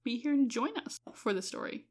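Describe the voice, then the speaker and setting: A woman co-hosting a casual podcast, swinging between soft reflective musing and loud, laughing excitement. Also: fairly high pitch, brisk. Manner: uses y'all, laughs often. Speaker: podcast co-host.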